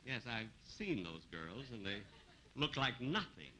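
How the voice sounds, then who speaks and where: Deadpan older man hosting a noisy 1950s TV show. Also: fairly low pitch, measured pace. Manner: dry, deadpan self-mocking delivery. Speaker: TV comedy show host. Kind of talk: 1950s TV variety comedy banter. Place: TV studio stage before a live audience. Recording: noisy 1950s TV broadcast recording.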